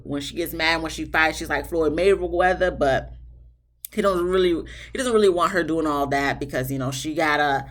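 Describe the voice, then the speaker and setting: Woman reviewer, lowish voice, chatty and slangy, talks straight to camera. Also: a bit bright. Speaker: TV show reviewer. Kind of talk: casual episode recap.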